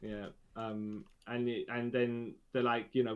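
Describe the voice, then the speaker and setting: Male podcast co-host with a middle-pitched voice, loose and chatty, repeats himself and laughs easily. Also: completely flat delivery, a little slow, dull audio. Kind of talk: casual film discussion.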